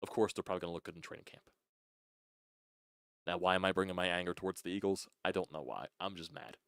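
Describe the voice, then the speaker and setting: A young man vents in a loose, frustrated fan rant, restarting words and swearing as he goes. His voice sits very low. The recording is dry and close, with no room echo. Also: steady tone, fast, a bit bright. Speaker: sports channel host.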